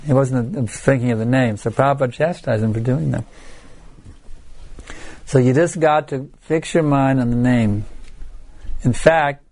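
A man's voice: medium pitch, a little slow, long pauses, a little mellow. An older man giving an earnest devotional lecture, exhorting his listeners and sometimes acting out chanting. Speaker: spiritual teacher.

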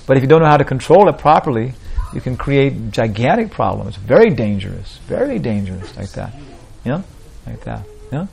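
A spiritual teacher with a gravelly, creaky, darkish voice in an ordinary middle pitch leads an informal talk for a small group. He speaks briskly with lively intonation, rambling, circling back, and ending points with "like that, you know."

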